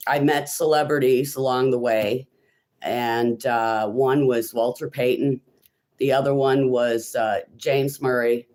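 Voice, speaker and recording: A woman's voice: very deep voice, darkish tone. A woman from Illinois talks casually on her own live stream. She rambles from one thought to the next, fills gaps with ums and stops to reply to comments from her viewers. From Illinois, USA.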